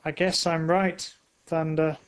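A man's voice: a little high, flat delivery, slow pace, clear, resonant tone. A man voicing a smug, cold black car in a storybook, speaking in a firm, scolding way.

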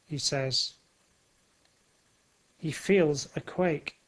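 A man narrating a simple storybook slowly and clearly. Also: on the high side, low-quality recording. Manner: slow, clear, simple phrasing.

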